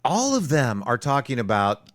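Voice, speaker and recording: A man's voice: medium pitch, huge pitch swings, normal speed. A man co-hosting a talk radio show in casual chat, agreeable and chuckling as he reacts. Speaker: radio co-host.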